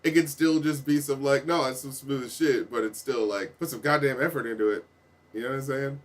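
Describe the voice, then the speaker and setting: A man's voice: medium pitch, a little fast. A man reviewing an album in casual commentary, ranting with lots of swearing and fillers. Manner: profane, exasperated ranting; heavy filler talk. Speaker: music critic.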